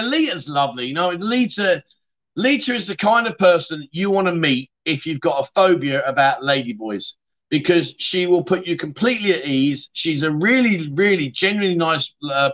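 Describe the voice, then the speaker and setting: Middle-aged male host, bright forceful voice, a touch high, rambling chatty livestream banter. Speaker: livestream chat show host. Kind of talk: casual livestream chat reading viewer comments.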